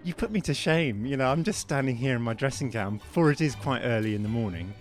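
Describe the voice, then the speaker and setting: Male podcast co-host, chatty and playful, mid-pitched, soft music faintly behind. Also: expressive, fast. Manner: chatty, playful, self-deprecating. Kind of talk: casual chat about classical music.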